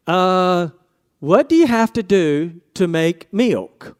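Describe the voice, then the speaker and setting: A man's voice: high voice, expressive, takes it slowly. A man preaching a casual sermon, asking his congregation questions and acting out quoted voices.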